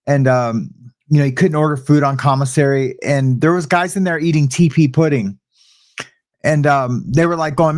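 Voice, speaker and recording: A man's voice: medium pitch, fairly even intonation, brisk, no echo, studio quality. A man co-hosting a casual talk show, laid-back, laughing and acting out quoted voices in his stories.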